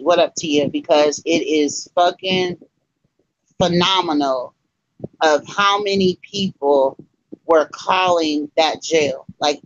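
Chatty live-stream host with dull sound. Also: medium pitch. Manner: chatty, emphatic, addresses viewers. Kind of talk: casual commentary to a live audience.

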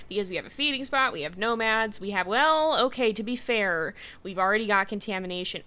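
A woman's voice: medium pitch, animated, brisk, few pauses, bright, forceful tone, a little hiss or hum. A woman streaming a city-building game, thinking aloud in a chatty, self-correcting way as she plans roads and buildings. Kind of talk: casual gameplay commentary. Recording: game music underneath.

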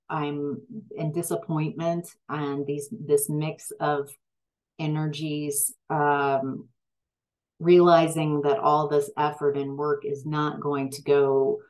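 Speaking slowly in a low voice with fairly even intonation, a tarot reader stumbles through her reading with fillers and restarts. Frustration pushes her to be emphatic at times, and the recording is rough.

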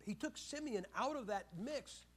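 A man preaching a sermon in an animated storytelling way, asking his listeners questions and acting out the voices of the people in the story. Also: very high-pitched, moderate pace. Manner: animated storytelling, asks the audience questions, acts out quoted voices.

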